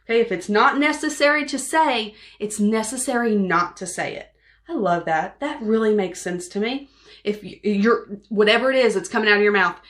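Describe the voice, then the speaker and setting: A middle-aged woman speaks as a parenting coach, talking straight to parents in an encouraging tone. She is lively and animated, and she acts out small outbursts with a voice of medium pitch.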